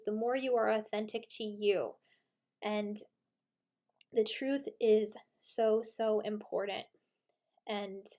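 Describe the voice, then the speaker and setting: A woman in her thirties giving an intuitive tarot reading in a gentle, reflective way, mixing in stories from her own life. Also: a little high. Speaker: tarot reader.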